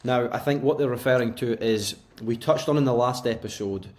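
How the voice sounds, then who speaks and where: A man's voice: mid-range voice, brisk, darkish tone. A Scottish man, co-host of a podcast, talking loosely and laughing easily over a remote call. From Scotland. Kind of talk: casual chat.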